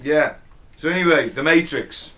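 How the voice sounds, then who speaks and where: A man's voice: fairly high pitch, moderate pace, fairly bright tone. A British man co-hosting a podcast, joking around with friends and laughing often. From Britain. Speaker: podcast co-host. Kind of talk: casual banter.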